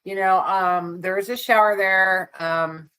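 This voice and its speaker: A woman's voice: medium pitch, fairly even intonation, unhurried, a bit bright, clean tone. A woman co-hosting a casual livestream, chatting with viewers in a rambling way and laughing often. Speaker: livestream co-host.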